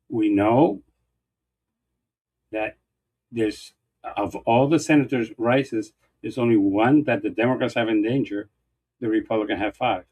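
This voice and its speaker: A man's voice: medium pitch, slightly rough. A man co-hosting a talk show, arguing heatedly and counting off his points one by one, often repeating himself for emphasis. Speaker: political show co-host. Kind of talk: heated political debate.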